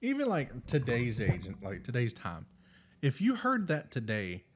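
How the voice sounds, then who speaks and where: A man co-hosting a podcast in casual chat, joking with quick interjections. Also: mid-range voice, huge pitch swings, slight background noise. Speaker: podcast co-host.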